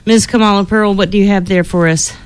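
A woman hosting a storytime event, finishing a book aloud and introducing the next reader in an animated way. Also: medium pitch, brisk, clear, resonant tone. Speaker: storytime host.

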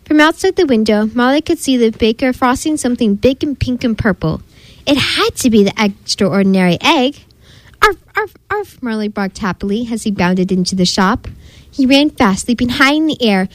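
A woman reading a children's picture book aloud with an expressive, sing-song storyteller delivery. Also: fairly high pitch, moderate pace, no echo, rough recording.

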